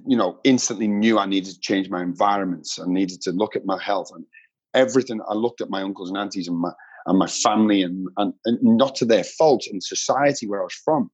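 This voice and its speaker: A man's voice: on the low side, a little fast, darkish tone, breathy edge, muffled recording. A man speaking earnestly and reflectively as a guest in a casual conversation. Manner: earnest, reflective, builds up emphatically.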